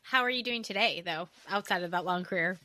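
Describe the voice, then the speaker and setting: A woman co-hosting an interview podcast, friendly and quick with agreeing replies. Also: fairly low pitch, pushed and bright. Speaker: podcast co-host.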